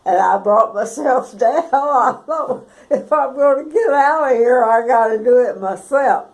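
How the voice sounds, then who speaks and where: A woman's voice: a little high, lively intonation, a little slow, a little mellow, low-quality recording. A woman, telling a childhood story for an oral history recording in a folksy, chuckling way. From Texas.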